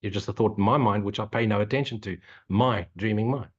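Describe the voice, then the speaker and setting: Man, spiritual teacher, lowish husky voice, blunt and preachy, lo-fi recording. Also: fairly quick. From Africa. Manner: blunt, swearing, mocking; repetitive, preachy. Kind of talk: non-dual Q&A talk.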